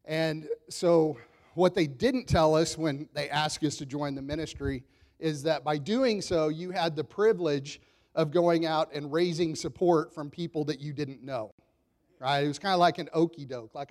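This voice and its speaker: A man in his thirties delivers a sermon in an easy, conversational tone. His voice sits a touch high, and he tells stories with self-deprecating humor and frequent chuckles. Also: normal speed, darkish tone. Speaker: pastor.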